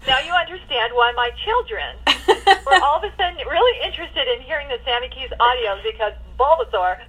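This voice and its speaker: A woman's voice: high-pitched, animated, fairly quick, a bit bright, slight background noise, poor audio. A woman author chatting in an interview, enthusiastic and playful. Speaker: children's book author. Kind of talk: casual interview chat. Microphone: remote call.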